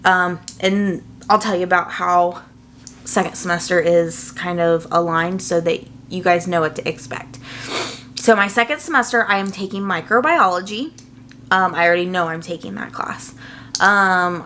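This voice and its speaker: A woman's voice: fairly low pitch, bright, forceful tone, slight background noise. Chatty woman vlogging about nursing school. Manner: chatty and earnest, with fillers and quick asides. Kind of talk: casual chat to camera.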